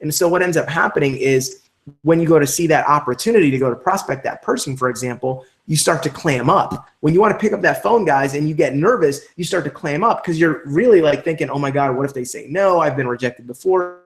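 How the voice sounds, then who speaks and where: A man leading a live online training session for network marketers, talking in an energetic, emphatic coaching way. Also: a little high, fairly quick.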